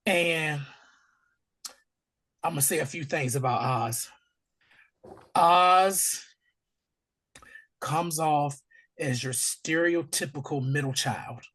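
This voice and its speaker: Husky, hoarse man recapping a TV episode. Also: a little high, slow pace, pauses often. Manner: animated, acts out scenes in character voices. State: hoarse from allergies. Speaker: podcast host. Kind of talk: casual TV episode recap chat.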